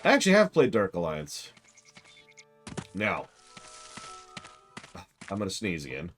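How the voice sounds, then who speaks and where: A low-pitched man giving casual live commentary on a game, his voice rising and falling in a lively way. He rambles, chats with his viewers and pokes fun at himself, with faint game music playing underneath. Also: unhurried. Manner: rambling, chatty, self-deprecating asides. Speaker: streamer.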